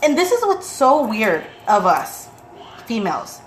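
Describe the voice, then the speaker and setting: A young mother talks straight to her viewers in a loose, unfiltered way, swearing without a second thought. She acts out what her family said with lively energy. Faint room noise sits under the voice. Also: a little high, a little slow. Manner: chatty, blunt, swears freely, acts out quotes animatedly. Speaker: vlogger, mother of two. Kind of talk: casual chat to viewers.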